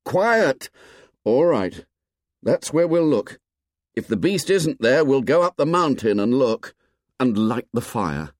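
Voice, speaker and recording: A man voicing an exasperated boy chief who argues forcefully and insists. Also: mid-range voice, sing-song, unhurried, no room sound, studio quality, pitched above the performer's own voice. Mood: commanding.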